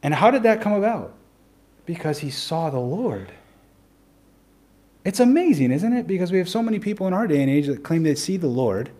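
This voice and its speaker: A man, a pastor, preaching a sermon in an earnest way, slowing down to stress key points and putting rhetorical questions to the congregation. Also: high-pitched, big pitch swings, mellow.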